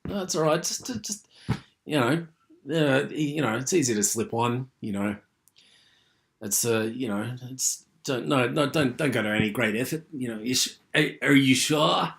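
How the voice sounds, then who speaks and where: A man's voice: mid-range voice, normal speed, vocal fry, fairly bright tone, pitched above the performer's own voice. A man putting on a fussy American dinner guest. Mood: fussing. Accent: put-on American. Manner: hesitant, anxious, over-accommodating.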